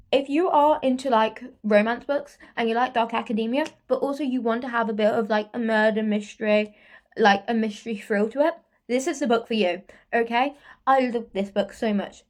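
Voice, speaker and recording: A woman reviewing a book in a casual vlog, gushing and repetitive, tagging "okay?" onto her sentences. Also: on the high side.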